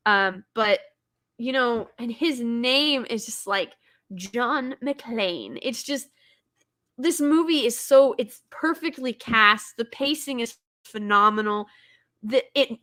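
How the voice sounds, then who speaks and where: Casting note: woman, bright and fairly high, chatty movie-fan host with lots of fillers. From Texas. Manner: chatty, enthusiastic, many fillers and restarts. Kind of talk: casual movie commentary.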